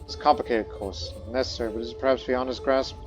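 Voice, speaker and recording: Man, mid-pitched, game playthrough narrator reading events over soft music. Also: steady tone, fast. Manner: reads event text aloud in first person, then muses. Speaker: gameplay commentator. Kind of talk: let's-play narration of a strategy game. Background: faint background music.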